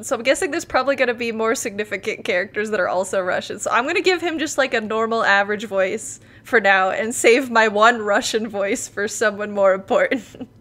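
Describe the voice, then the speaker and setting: A woman's voice: on the high side, a bit bright. A woman streamer commentating a story game, laughing often and reading characters' lines aloud. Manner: giggly, reads game lines aloud in voices. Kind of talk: casual let's-play commentary.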